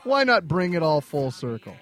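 A man's voice: on the high side, sing-song, moderate pace, a bit bright, faint music behind. A man hosting a comedy podcast, talking in an upbeat, casual way and swearing freely. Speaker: podcast host.

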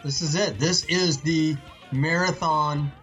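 A man's voice: fairly high pitch, fairly even intonation, slow, a bit bright, muffled recording, soft background music. A man co-hosting a comedy podcast, joking with wry asides in casual banter. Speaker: podcast co-host.

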